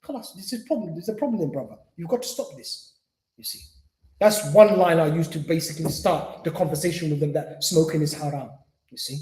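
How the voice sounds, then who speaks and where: This is a mosque lecture at an Islamic centre, captured in an echoey hall. The speaker, a man who works as an Islamic teacher and spiritual healer, has a fairly high, warm voice and talks fairly quickly and conversationally, acting out small exchanges and frequently saying "you see."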